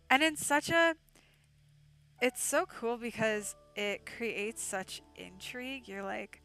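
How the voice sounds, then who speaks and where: A woman hosting a casual livestream, chatting enthusiastically with viewers and laughing often, her voice going hoarse. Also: mid-range voice, a bit bright. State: losing her voice. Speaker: livestream host.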